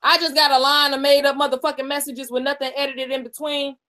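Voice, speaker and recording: A woman co-hosts a live stream, giving casual commentary that's emphatic, profane, and confrontational, repeating lines for effect. Her voice is high and bright with little pitch movement, quick and forceful.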